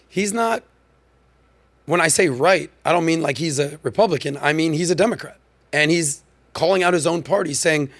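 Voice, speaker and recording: A man hosts a podcast and delivers a commentary monologue in a punchy, emphatic, conversational way. His speaking voice sits a little high. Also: moderate pace. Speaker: podcast host.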